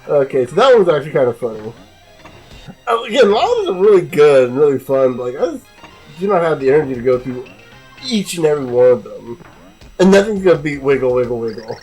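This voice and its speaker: Husky, animated let's play commentator. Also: medium pitch, fast talker, faint music behind, low-quality recording. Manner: rambling, self-mocking, chatty. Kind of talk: casual gameplay commentary.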